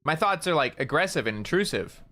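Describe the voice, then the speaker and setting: Bright-voiced man rambling casually. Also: fairly high pitch, very animated, brisk. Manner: rambling, stammers and repeats words, swears casually. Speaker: streamer. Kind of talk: casual storytelling while gaming.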